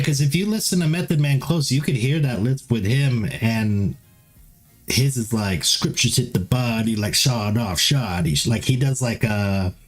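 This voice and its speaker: A man talking loosely on a live stream, with a lisp, a nasal edge and raspiness in his low notes, rambling through fillers in a self-deprecating way. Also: darkish tone. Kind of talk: casual live-stream chat.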